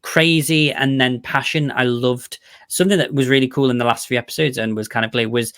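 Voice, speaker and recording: A man's voice: medium pitch, fairly even intonation, a little fast, a bit bright, dry recording, clean studio sound. A man hosting a casual review chat, rambling and enthusiastic, with lots of "like" and restarts. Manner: chatty and rambling, full of "like" and restarts; enthusiastic, gushing about favorites. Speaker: podcast host reviewing a TV series.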